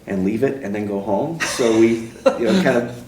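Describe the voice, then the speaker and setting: A man being interviewed as a race announcer, talking in a relaxed, rambling and self-deprecating way. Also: mid-range voice, normal speed, slight background noise. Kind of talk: casual interview chat. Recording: roomy, mic at a distance.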